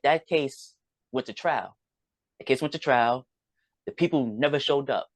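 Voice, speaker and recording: With a medium-pitched voice and no echo, a male podcast guest tells a personal story in rambling conversation. He recounts events by quoting and acting out the dialogue of others.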